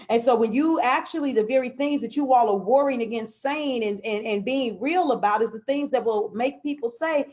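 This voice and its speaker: A woman's voice: a little high, lively intonation, moderate pace, a little mellow. Fervent woman podcast host. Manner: fervent, preachy, repeats words when fired up. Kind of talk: live-streamed podcast talk. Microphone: live stream on a video call.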